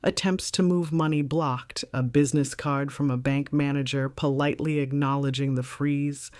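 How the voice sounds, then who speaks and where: A woman's voice: low voice, fairly even intonation, normal speed, a little mellow, dry recording, clean studio sound. Composed, wry middle-aged woman narrator. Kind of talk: scripted first-person story narration.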